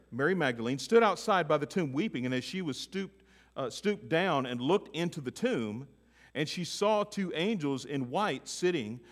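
A man preaching a sermon. His delivery swings between loud emphatic lines and hushed, near-whispered ones. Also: mid-range voice. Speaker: pastor. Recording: long hall reverb.

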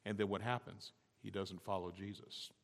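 A man preaching a sermon as a pastor, talking emphatically and building to loud, high exhortation. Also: little pitch movement, moderate pace, vocal fry, big-room sound. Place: church sanctuary.

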